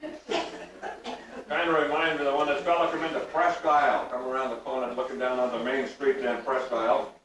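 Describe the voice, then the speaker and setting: An older storyteller tells folksy rural jokes to a reunion crowd in a large room, drawling and acting out the punchlines. His medium-pitched voice is flat, fairly quick and fairly bright in tone, and the recording is echoey and taken from far off.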